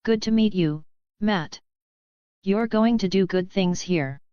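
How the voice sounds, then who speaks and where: A woman's voice: medium pitch, slow pace, warm tone, clear, resonant tone, no echo, muffled recording, lightly acted. A woman reading an audiobook, voicing a confident, joking young man who commands soldiers. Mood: breezy. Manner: dry, joking, breezy.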